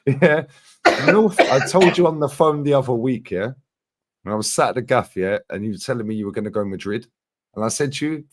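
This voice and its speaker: Guy ranting in casual chat, lots of bro and yeah, swears, mid pitch. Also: moderate pace. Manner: animated, swearing, says "bro" and "yeah" a lot.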